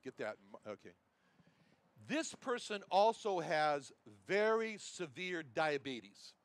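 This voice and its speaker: A man's voice: a little high, sing-song, slow, no echo. A man teaching a sermon, emphatic and repeating his Bible references. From United States. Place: chapel.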